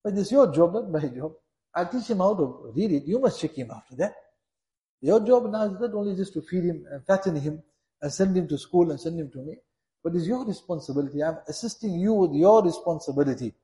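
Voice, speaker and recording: A man whose voice is high and mellow gives an Islamic sermon with earnest exhortation. He returns to his points again and again to press them home; the recording has an echoey room sound.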